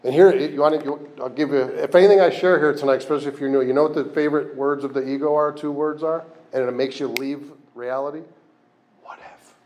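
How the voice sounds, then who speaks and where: A man's voice: a little high, fairly even intonation, quick pace, hardly any pauses, a little mellow, a little hiss or hum. A man speaking at a recovery meeting, candid and self-deprecating, rambling with frequent restarts, in a meeting room.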